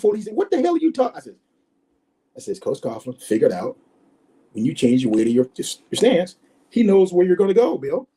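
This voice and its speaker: A man in his sixties, a former football player, telling animated stories in an interview and acting out the people he quotes. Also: on the high side, breathy edge, poor audio. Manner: animated storyteller, acts out quoted voices. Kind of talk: storytelling interview.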